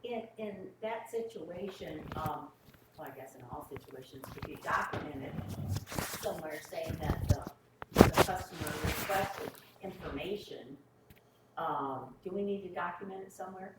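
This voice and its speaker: A woman at a training session asks her questions hesitantly, pausing on filler words. Her voice sits fairly low. She is picked up from a distance in a very echoey room with clear background noise. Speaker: attendee asking questions. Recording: roomy, distant, noisy room audio.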